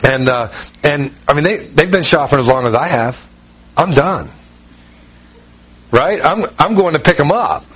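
A man with a Southern US accent, from Ohio, preaching in a relaxed, folksy, self-mocking way with many fillers. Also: on the high side, unhurried, pauses often, breathy edge. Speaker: pastor. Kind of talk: conversational sermon.

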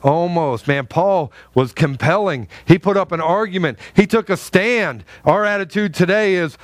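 High-voiced pastor preaching passionately. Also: male voice, moderate pace, few pauses, dry recording. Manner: impassioned, repeats rhetorical questions, calls for amens. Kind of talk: sermon.

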